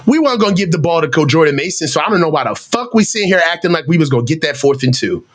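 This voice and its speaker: Excitable profane man reacting to football. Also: on the high side, rapid-fire. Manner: profane, exasperated, rants and mocks the coach; excitable, voice jumps up when shouting. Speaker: fan commentator. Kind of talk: live game reaction commentary.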